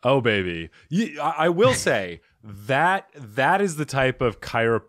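A man's voice: medium pitch, big pitch swings, takes it slowly, a bit bright, no room sound, clean studio sound. A man hosting a comedy podcast, joking and rambling and correcting himself in casual chat. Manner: jokey, rambling, self-correcting. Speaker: podcast host.

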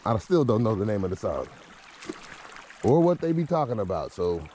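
Male vlogger, thirties, low mellow voice with lively swings, walking outside, faint wind noise in the background. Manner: excited, exclaiming and chuckling, drawn-out asides; relaxed informal talk with slang. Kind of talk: casual walking vlog. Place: outdoors in snowy woods by a creek.

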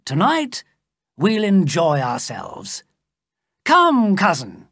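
Storybook voice, woman doing a young king, jovial, hearty, high pitched, husky. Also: wildly swooping pitch, drawn-out words, no room sound, clean studio sound, exaggerated voice. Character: carefree young male king, loud, fond of wine. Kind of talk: storybook character voice.

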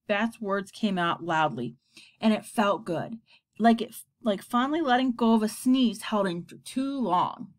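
A woman narrating a children's book aloud in an expressive storytelling style. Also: mid-range voice, a little slow.

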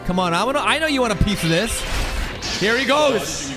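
A man giving casual, excitable reaction commentary as an anime streamer, swinging from loud outbursts to low mutters. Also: brisk. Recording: anime music audible underneath. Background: anime soundtrack playing.

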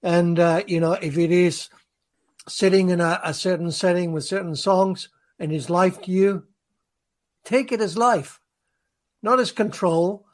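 A man's voice: sits high, measured pace. A man guesting on a podcast, speaking earnestly and reflectively about faith. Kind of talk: casual chat, reflective faith talk.

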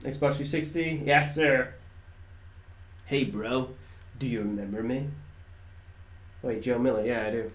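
A man's voice: medium pitch, fairly even intonation, unhurried, pauses often. A man from the Netherlands, a native Dutch speaker, commenting casually on live gameplay, bantering with chat and swearing now and then. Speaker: game streamer. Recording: roomy echo, faint background noise.

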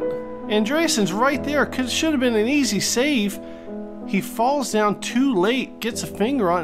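Excitable high-voiced man calling a game. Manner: excitable, jokey, swings up loud when play heats up. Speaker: gaming channel host. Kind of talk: play-by-play video game commentary.

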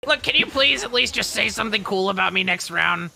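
A woman's voice: mid-range voice, animated, fairly quick, gravelly, sharp tone, exaggerated voice. A woman voicing a cocky, touchy young male hawk racer in comedic, profane banter during a game playthrough. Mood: whiny, defensive. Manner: defensive, rambling, profane banter. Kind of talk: comedic let's play voice.

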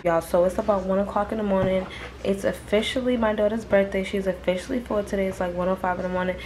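A woman's voice: mid-range voice, fairly even intonation, fast, a little mellow, a little hiss or hum. A young woman vlogging from a hotel room, talking casually and straight to her viewers with lots of slang. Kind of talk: casual vlog chat.

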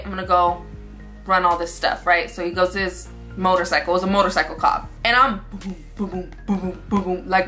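A young woman telling a storytime vlog, animated and acting out what people said. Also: mid-range voice. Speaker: vlogger.

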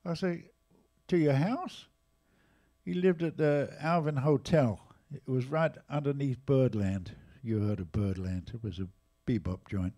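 A man in his eighties with an English accent, casually telling jazz stories at a live museum event, lively and animated in his retelling. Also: medium pitch, measured pace. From England. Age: 80s. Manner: lively, animated retelling with raised voices for quotes. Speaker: jazz drummer and storyteller guest. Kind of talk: casual anecdotal storytelling.

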